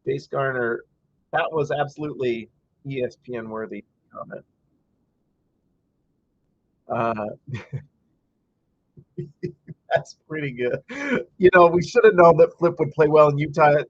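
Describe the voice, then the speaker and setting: A livestream host talks over a game he's watching, reading out viewer comments and venting in short, frustrated rants. The voice is a bit high and husky, a little slow with long pauses, on dull, dry, lo-fi home audio.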